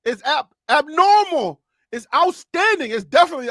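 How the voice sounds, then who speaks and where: A high-pitched man with a Liberian accent hosts a lively sports debate, words tumbling out in repeats. His voice is close and dry, with no room around it. He is excitable and quick to laugh. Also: no room sound. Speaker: host. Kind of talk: live sports debate chat.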